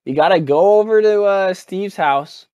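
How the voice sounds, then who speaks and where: A man co-hosting a goofy podcast, his voice pitched high for a man. He talks in an exaggerated way, spinning absurd, over-the-top jokes. The sound is close and dry. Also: moderate pace, a little mellow, clear, resonant tone, no room sound. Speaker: podcast co-host. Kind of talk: goofy comedic podcast banter.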